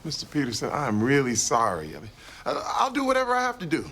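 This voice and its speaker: A flustered, sheepish host. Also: male voice, medium pitch, huge pitch swings, quick pace, a bit bright, heavily acted. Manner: flustered, defensive comebacks. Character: sheepish male radio host in trouble. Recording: sitcom soundtrack with audience laughter.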